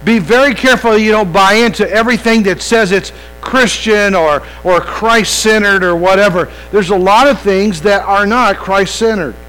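A man's voice: high-pitched, moderate pace, hardly any pauses, bright, forceful tone, clean tone, low-quality recording. A man preaching an evening sermon, talking conversationally, restarting phrases and putting questions straight to the congregation. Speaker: pastor. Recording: mains hum behind.

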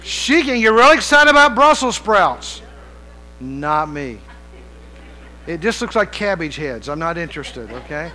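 A man's voice: fairly high pitch, big pitch swings, unhurried, bright, forceful tone, low-quality recording. A man preaching a sermon as pastor, talking conversationally, asking the congregation rhetorical questions and mixing in playful humor.

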